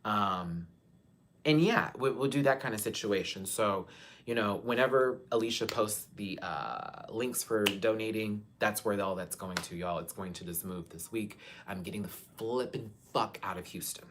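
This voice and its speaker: A young man from Texas, hosting a live chat and talking frankly to his viewers, his voice swinging between soft and loud. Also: fairly low pitch, expressive, a little slow, background noise. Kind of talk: candid live-stream talk to viewers.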